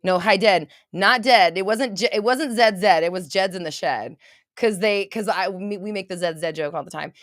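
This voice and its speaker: A woman hosting a casual livestream and doing intuitive readings for her chat, rambling, swearing freely and breaking into loud laughter. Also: mid-range voice, normal speed, dry recording, clean studio sound.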